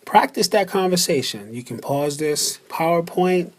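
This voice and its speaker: Slow-talking man teaching a lesson. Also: fairly high pitch, lively intonation. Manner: slow and deliberate, repeating words for practice. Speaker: language teacher. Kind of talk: narrated slideshow language lesson.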